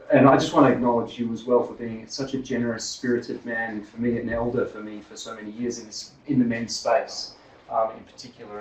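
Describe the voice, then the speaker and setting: A man's voice: medium pitch, darkish tone. A man with an Australian accent drifting toward American, giving a seminar talk in a chatty way with many fillers and restarts. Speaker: seminar speaker. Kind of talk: academic talk. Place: seminar room. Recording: roomy lecture hall from far off, dull.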